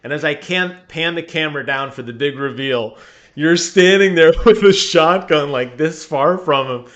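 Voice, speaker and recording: A young man with a fairly high voice, co-hosting a casual podcast. He tells stories with lots of energy and breaks into laughter often. He is chatty and relaxed. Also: normal speed. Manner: animated storyteller, laughs often. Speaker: podcast co-host. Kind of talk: casual chat.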